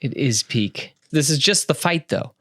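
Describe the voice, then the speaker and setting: A man co-hosting a podcast in a relaxed casual chat, often chiming in with short agreements. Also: fairly high pitch, dry recording, clean studio sound. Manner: laid-back, quick short agreements. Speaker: podcast co-host. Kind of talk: casual chat ranking movie scenes.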